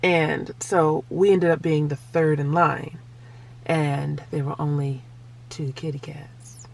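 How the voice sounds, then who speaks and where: A mother talking to her camera at home, telling a family story. Her voice sits low and gravelly with a husky, breathy edge, and she tells it in a lively, animated way. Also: slow. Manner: animated, acts out voices, laughs through the telling. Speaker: vlogger, adoptive single mother. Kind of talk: casual storytelling.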